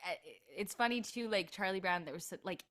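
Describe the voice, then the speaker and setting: A young adult actress chatting casually as an interview guest, with plenty of "like" fillers. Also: female voice, medium pitch, quick pace, a bit bright.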